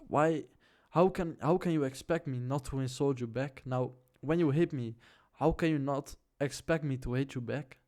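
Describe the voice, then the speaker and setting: A man's voice: mid-range voice, a little mellow. A young man casually telling a personal story to the camera, loose and slangy, with many fillers. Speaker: vlogger.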